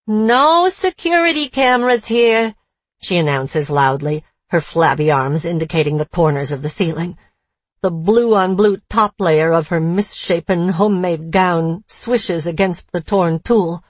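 Female reader for a first-person thriller, husky mid-range voice, dry close sound. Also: low-pitched, fairly even intonation, measured pace, dry recording. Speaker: narrator. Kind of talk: first-person story narration.

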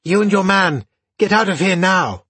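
A man voicing an old male swordmaster, speaking steadily and shouting hoarsely in the fight. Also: medium pitch, sing-song, moderate pace. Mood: urgent. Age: older.

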